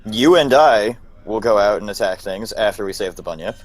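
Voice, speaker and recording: A man playing a cold, power-hungry schemer, answering in short, flat lines. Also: lowish voice, normal speed, natural voice, poor audio. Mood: calculating. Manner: short, flat, deadpan replies.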